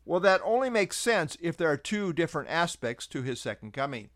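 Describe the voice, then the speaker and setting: A man's voice: a little high, very animated, a little fast, hardly any pauses, no echo, clean studio sound. A man preaching an expository sermon who reads verses aloud with emphasis and cites chapter and verse numbers.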